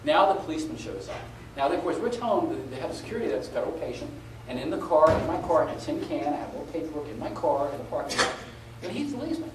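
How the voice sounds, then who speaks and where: Middle-aged man, lively anecdotal talk, swooping pitch, echoey hall, distant noisy recording. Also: very fast, hardly any pauses. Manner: animated storyteller, laughing at his own story. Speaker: conference speaker. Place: conference hall. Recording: echoey live hall, taped from a distance with noise.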